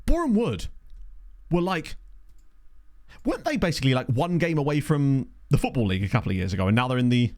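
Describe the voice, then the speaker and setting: Man, excitable live game commentary, animated pitch, chatty. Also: quick pace, pauses often. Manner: excitable, chatty, thinks aloud. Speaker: video game streamer.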